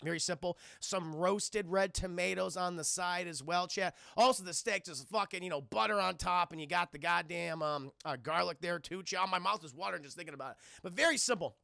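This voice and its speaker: A man's voice: sits high, a little fast, creaky, few pauses, bright, forceful tone, dry recording, clean studio sound. A young man with a New York accent chatting casually on a livestream, rambling and swearing as he talks to his chat. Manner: rambling, profane, addresses chat constantly. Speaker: streamer answering viewer questions.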